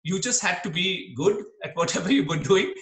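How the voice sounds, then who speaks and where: A middle-aged man from Kerala, speaking as an interview guest in an earnest, animated way and laughing easily. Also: high voice, normal speed. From Kerala, India. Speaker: interview guest, dermatologist and comedian. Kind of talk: reflective interview talk. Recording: echoey room.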